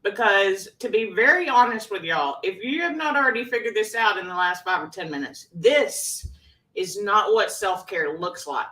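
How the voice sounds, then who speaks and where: A woman's voice: medium pitch, expressive, moderate pace, pushed and bright, echoey room, recorded from a distance, low-quality recording. A woman hosts a casual live chat, self-mocking and often laughing. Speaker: host of a live chat show.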